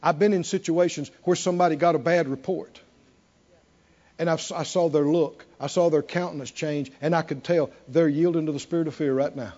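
A man preaching a sermon with animated emphasis, often asking the congregation questions. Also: on the high side, fairly quick. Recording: dull lo-fi recording.

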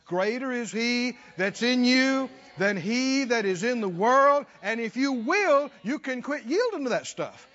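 A man's voice: very high-pitched, expressive, a little slow, hardly any pauses, fairly bright tone, long reverb tail. A man preaching a sermon, folksy and chuckling, calling out to his listeners to respond. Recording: dull lo-fi recording.

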